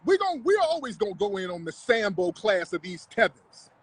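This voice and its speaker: A man's voice: high voice, sing-song, moderate pace, breathy edge, poor audio. A man hosting a livestream, talking in a confrontational, mocking, profane rant. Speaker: livestream host. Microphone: live stream mic.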